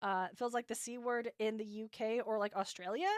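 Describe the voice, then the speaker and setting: A woman's voice: a little high, steady tone, brisk, smooth, dry recording, clean studio sound. A young woman co-hosting a podcast, chatting casually with fillers and frequent laughs while reading listener comments. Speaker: podcast co-host.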